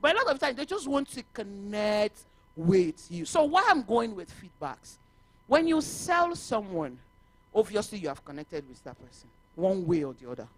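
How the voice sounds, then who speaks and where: A woman with a Nigerian accent giving a talk to realtors at a conference, lively and mixing in Yoruba phrases. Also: mid-range voice, normal speed. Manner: animated, mixes Yoruba and English, laughs often. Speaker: conference speaker. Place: conference hall.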